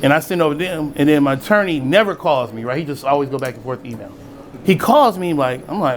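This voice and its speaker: A middle-aged man from East Oakland telling a personal story in a casual, animated way, acting out the voices of people he quotes and chuckling often. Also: fairly high pitch, quick pace. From East Oakland, California. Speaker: storyteller and spirits brand founder.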